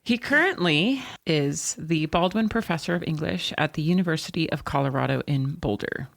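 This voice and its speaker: A woman's voice: low-pitched, lively intonation, normal speed, creaky, no echo, clean studio sound. A woman co-hosting a horror book podcast, chatty, laughing often and correcting herself as she goes. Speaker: podcast co-host. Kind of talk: casual chat.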